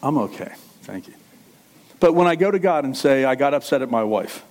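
A middle-aged man, a pastor, delivers a conversational sermon at a brisk clip. His pitch swings widely as he drops into quiet asides and then climbs into loud, emphatic preaching.

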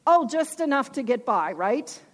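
A woman's voice: high-pitched, sing-song, moderate pace. A woman preaching a sermon with emphasis, asking her listeners questions.

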